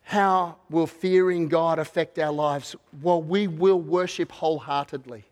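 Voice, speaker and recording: A man preaching a sermon as pastor, measured and repeating words as he searches for phrasing, then building to a fervent call near the close. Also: on the high side.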